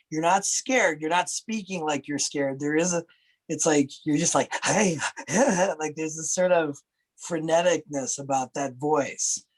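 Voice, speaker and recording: A man giving animated, casual critique on a wrestling promo over a video call, acting out examples. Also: high-pitched, rough recording.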